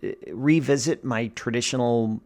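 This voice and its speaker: A man's voice: medium pitch, normal speed, a little mellow. A man casually talking through one of his photographs, thinking aloud with frequent hesitations and restarts. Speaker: photography vlogger.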